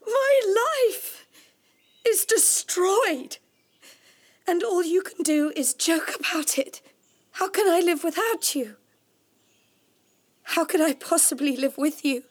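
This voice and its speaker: A woman's voice: extremely high pitch, animated, slow, long pauses, no room sound, full character voice. An actress in a radio drama playing a devoted young wife and mother, anxious and reproachful. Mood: bitter.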